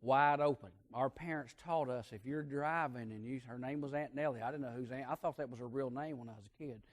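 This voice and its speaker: A man preaching a sermon, telling a folksy story and swinging between hushed and loud emphasis. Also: mid-range voice, brisk.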